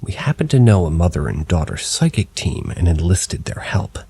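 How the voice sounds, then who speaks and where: A man tells first-person paranormal tales as scripted narration, keeping a low, even storyteller's tone. His voice is husky and his pace is moderate.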